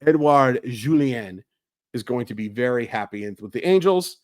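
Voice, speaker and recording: Lively-voiced man breaking down a draft. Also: mid-range voice, normal speed, no echo, studio quality. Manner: animated, self-correcting, conversational. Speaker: baseball analyst. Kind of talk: solo sports analysis.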